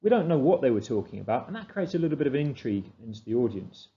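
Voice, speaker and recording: A man with a mellow, dark voice talks students through a revision lesson at a steady middle pitch. He poses questions and then answers them himself in an explanatory way. The recording sounds dull and lo-fi. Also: fast. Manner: explanatory, asks and answers his own questions. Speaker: teacher.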